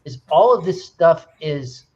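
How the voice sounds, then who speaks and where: A man in an earnest group discussion, retelling stories with animated, rising emphasis. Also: fairly high pitch, measured pace, breathy edge, muffled recording. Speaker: discussion participant. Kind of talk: casual discussion.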